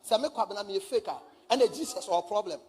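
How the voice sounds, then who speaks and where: High-voiced fast emphatic male preacher. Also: animated, darkish tone, husky. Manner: emphatic, repetitive, rhetorical questions. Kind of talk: fiery sermon with live interpreter.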